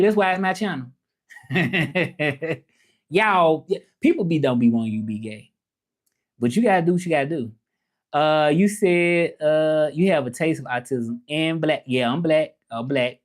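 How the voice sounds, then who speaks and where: A man's voice: on the high side, lively intonation, measured pace. A man with a Southern US accent chatting casually on a livestream, reading viewer comments and talking straight to the audience. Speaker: livestreamer and language teacher.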